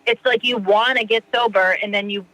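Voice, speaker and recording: A woman's voice: mid-range voice, fairly even intonation, fairly quick, a bit bright, no echo, poor audio. A woman speaking as a podcast guest in casual, rambling conversation, full of "like" and "you know".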